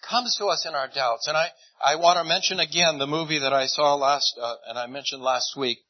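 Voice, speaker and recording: A man's voice: on the high side, fairly quick, dry recording, highs cut off. A man preaching a sermon, retelling a Bible story in a conversational, storytelling way. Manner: conversational storytelling, retelling scenes in lively voices.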